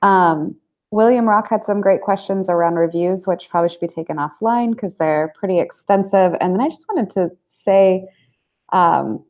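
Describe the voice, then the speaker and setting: A woman speaking as a webinar guest over a video call, brisk and friendly with a teasing streak. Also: medium pitch, dull audio. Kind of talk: casual webinar chat.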